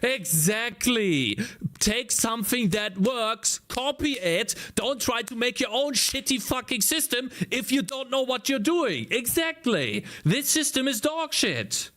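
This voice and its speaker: A man's voice: very high voice, sing-song, a little slow, fairly bright tone. A man developing a game while talking to himself, frustrated and swearing, his voice strained from screaming. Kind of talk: casual livestream coding commentary.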